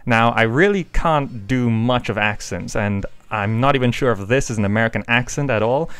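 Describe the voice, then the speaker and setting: A man's voice: mid-range voice, moderate pace, fairly bright tone, clear, resonant tone, dry recording. A man hosting his gaming channel, answering viewer questions in a casual, rambling way with frequent hesitations, into a desk microphone. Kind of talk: casual Q&A vlog. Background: faint background music.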